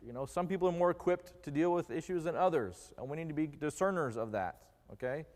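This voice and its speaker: A man with a somewhat high voice preaches in a church sanctuary, his words trailing off in a long hall reverb. He keeps it conversational and jokey, quizzing the congregation as he goes. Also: animated, fairly quick, a little mellow. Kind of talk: conversational sermon.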